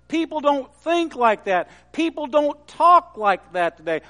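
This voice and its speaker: A man preaching from the pulpit. His voice is high and his delivery is unhurried, with measured pauses and weighty quotes. The sound rings out with a long echo from a large hall. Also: sing-song, fairly bright tone. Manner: measured preaching, quoting scripture with emphasis. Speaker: pastor. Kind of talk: sermon.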